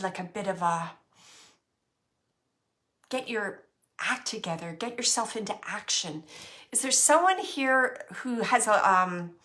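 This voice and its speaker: A woman working as a medium, giving a spirit reading to an audience, speaking softly, musing aloud and often dropping to a whisper. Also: fairly high pitch. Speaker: psychic medium.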